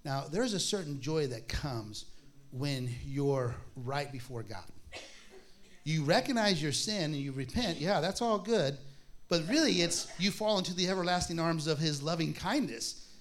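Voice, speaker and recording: A man's voice: on the high side, animated. Conversational man teaching from scripture. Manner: conversational, acts out voices in stories, laughs often; reads scripture aloud slowly. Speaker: pastor. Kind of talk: informal Bible teaching.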